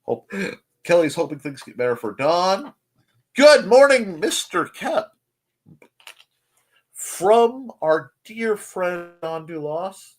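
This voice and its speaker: Hosting a casual live morning show, a man with a high, very animated voice rambles through greetings to chat, tossing in jokey, self-deprecating asides. He speaks slowly and leaves long pauses.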